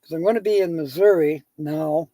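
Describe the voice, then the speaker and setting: A man's voice: fairly high pitch, moderate pace, mellow, dry recording. Guy chatting on a live stream, rambly, laughs at his own jokes, dry close sound. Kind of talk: casual chat and joke-telling.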